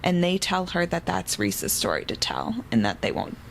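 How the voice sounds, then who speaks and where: A woman's voice: lowish voice, sing-song, moderate pace, creaky, slight background noise, poor audio. A woman co-hosting a casual book podcast, recapping the plot eagerly. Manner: chatty, recapping the plot with enthusiasm. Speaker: podcast co-host.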